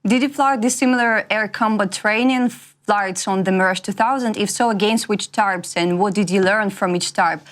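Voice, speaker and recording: A woman's voice: mid-range voice, normal speed. Formal woman interviewer. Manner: formal, reads prepared questions. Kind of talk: scripted interview questions.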